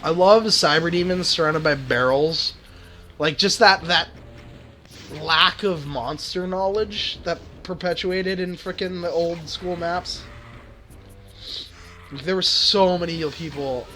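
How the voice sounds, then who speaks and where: Bright-voiced sardonic gaming streamer man. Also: a little high, slow, a little hiss or hum. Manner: sweary, sardonic. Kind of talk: casual gaming chat.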